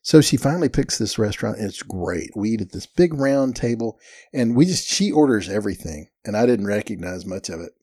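A man's voice: lowish voice, expressive, fairly quick, dark tone, breathy edge, no echo, clean studio sound. A man telling a family story in a folksy, self-deprecating way. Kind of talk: casual storytelling.

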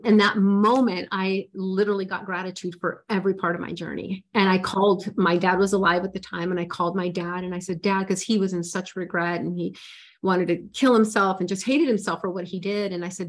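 A woman's voice: fairly low pitch, fairly even intonation, a little fast. A woman in her forties, a life coach, telling her personal story in an interview in an earnest, emotional way, often restarting her sentences.

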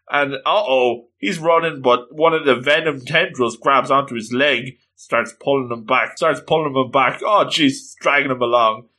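A man reading a comic book aloud, with animated, laughing comic asides and exclamations. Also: mid-range voice, normal speed, hardly any pauses. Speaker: reader and commentator. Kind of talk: comedic comic-book read-along.

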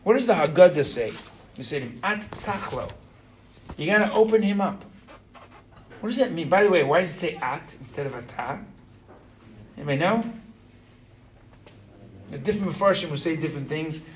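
A middle-aged man teaches students an informal religious lesson, animated and constantly quizzing the class while tagging his points with "right?". His voice is a little high and fairly quick, broken by long pauses.

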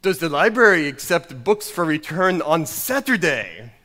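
A man voicing a stern old male Scottish pastor with a put-on Scottish accent, solemn and gently scolding. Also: fairly high pitch, very animated, measured pace, in a large hall.

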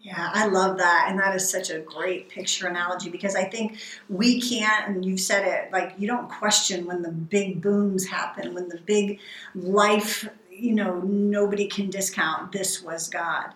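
A woman co-hosting a ministry podcast, reflecting earnestly on scripture in a warm conversational discussion. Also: mid-range voice, steady tone, a little slow, echoey room, low-quality recording. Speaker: podcast co-host.

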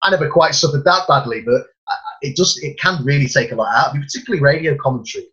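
A man's voice: fairly high pitch, rapid-fire, fairly bright tone, highs cut off. A man who works as a football commentator, talking earnestly about his job and often repeating words as he starts a sentence. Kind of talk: casual chat.

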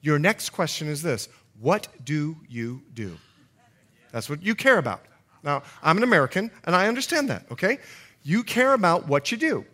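A man from the Bahamas, a pastor with a Bahamian accent softened by years in the US, preaching an evening sermon and calling out to his congregation. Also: high voice, fairly quick. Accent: Bahamian, softened by long US residence. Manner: animated preaching with call-and-response to the congregation.

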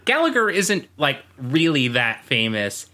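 A man with a bright, forward voice chatting on a podcast. His pitch swings widely as he jokes and riffs, and his delivery stays loose and playful. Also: measured pace. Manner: animated and jokey, breaking into bits. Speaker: podcast co-host. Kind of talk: casual chat recapping a TV show.

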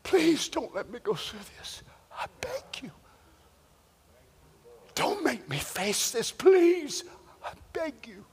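A man's voice: extremely high pitch, sing-song, takes it slowly, pauses often, slight background noise, voice pushed up, heavily acted. A male preacher voicing a frightened man who begs again and again to be spared from death. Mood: begging. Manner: pleading, broken repetition. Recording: long hall reverb.

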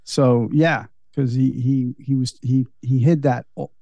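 Gravelly, dark-voiced male co-host. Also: medium pitch, steady tone, measured pace, no echo, muffled recording. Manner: explanatory, profane. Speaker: podcast co-host. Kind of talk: casual chat.

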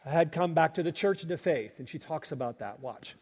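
A man's voice: on the high side, lively intonation, brisk, crowd noise. A male pastor preaching a Sunday sermon, emphatic and swelling in volume at key phrases. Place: church sanctuary. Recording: long reverb of a church sanctuary.

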